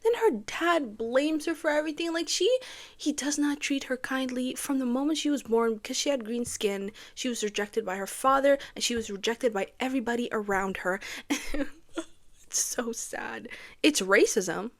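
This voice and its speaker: Young woman, light high soprano, casual fan commentary, animated, with whispered asides and loud outbursts. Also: moderate pace. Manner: excitable, swings from hushed whispers to loud outbursts. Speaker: YouTuber.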